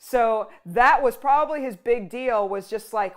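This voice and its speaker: A woman's voice: a little high, measured pace. Chatty woman giving a devotional talk. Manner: conversational, full of "like" and restarts, acts out quotes. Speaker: ministry host. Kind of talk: casual devotional teaching.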